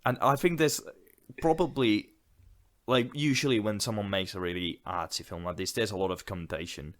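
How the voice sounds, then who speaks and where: A man's voice: lowish voice, normal speed. A man co-hosting a podcast, chatting casually, rambling with lots of fillers and frequent laughs. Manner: laughs often, loose rambling with many fillers. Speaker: podcast co-host. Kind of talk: casual chat.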